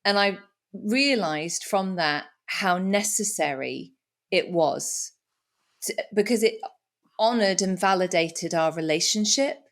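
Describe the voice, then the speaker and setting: A woman's voice: mid-range voice, slow. A middle-aged woman hosting a podcast, talking candidly and reflectively, with frequent restarts. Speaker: podcast host. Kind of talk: casual conversation.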